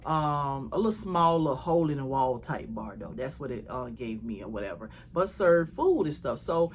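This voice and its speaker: A woman telling a travel story to her viewers in a casual, animated way, swearing freely. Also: extremely low pitch, normal speed, slight background noise.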